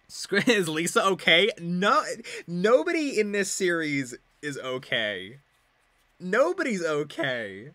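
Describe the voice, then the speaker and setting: Young man, reading a story aloud on stream, casual asides, swears, fairly high voice, dry close sound. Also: very animated, slow, pushed and bright, no room sound. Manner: laughs a lot, swears freely, goes off on tangents. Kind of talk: reading a web serial aloud with casual commentary.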